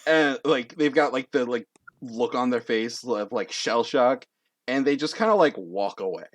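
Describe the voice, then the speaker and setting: A man's voice: mid-range voice, animated, moderate pace, no room sound. A young man narrating a tabletop game as game master, in a casual, rambling way full of fillers.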